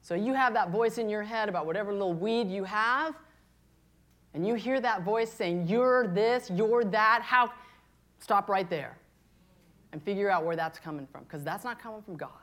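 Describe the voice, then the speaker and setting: A woman in her fifties, a pastor preaching a candid, confessional sermon, moving between hushed and impassioned. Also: mid-range voice, normal speed. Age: 50s.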